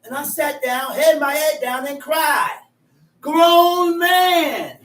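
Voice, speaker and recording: A high-pitched man preaching in a slow, deliberate way, forceful and repetitive. He is recorded from a distance in a roomy, echoing space. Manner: loud, emphatic, repeats words. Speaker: teacher. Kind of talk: street preaching. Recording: echoey, distant mic.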